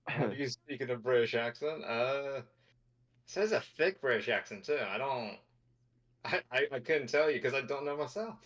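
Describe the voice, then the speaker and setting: A man's voice: medium pitch, moderate pace, a bit bright, lo-fi sound. Chill guy just chatting, easygoing. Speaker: reader. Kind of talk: casual chat.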